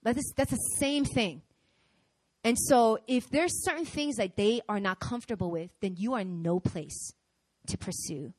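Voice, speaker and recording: A middle-aged woman pastor preaching a sermon in an animated way, acting out voices as she tells examples. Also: a little high, unhurried, no echo. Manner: animated, acts out quoted voices.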